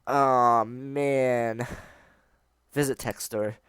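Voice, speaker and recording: An excitable man reads a text adventure game aloud and mocks his own choices as he goes. His voice sits in an ordinary middle pitch, and the sound is dry and close. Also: extremely slow, clear, resonant tone, dry recording. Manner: excitable and self-mocking. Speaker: YouTuber playing a text adventure. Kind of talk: reading a text game aloud with running commentary.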